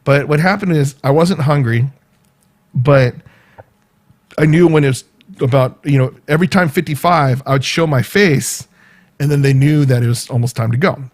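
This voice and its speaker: A man's voice: mid-range voice, moderate pace. A middle-aged man hosting his own vlog, talking in a loose, rambling way with many fillers and restarts. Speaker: vlog host. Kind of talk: casual rambling monologue.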